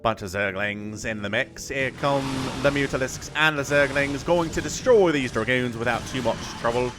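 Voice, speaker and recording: A cheery, over-the-top Australian game caster, as a man puts him on with a put-on accent. The voice sits higher and louder than a natural one, with exaggerated slang throughout. Steady background music plays underneath. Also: normal speed, natural voice. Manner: exaggerated slang, raised pitch, loud. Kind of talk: mock-Australian game commentary.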